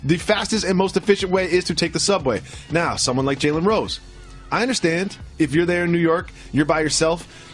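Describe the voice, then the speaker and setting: A man co-hosting a podcast with quick, joking banter. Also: fairly high pitch, soft background music. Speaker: podcast co-host.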